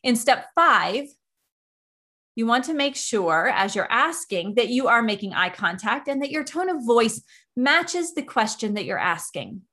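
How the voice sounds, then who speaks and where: A woman hosting a coaching podcast, explaining question techniques in a calm, instructional monologue with everyday analogies. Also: fairly high pitch, moderate pace.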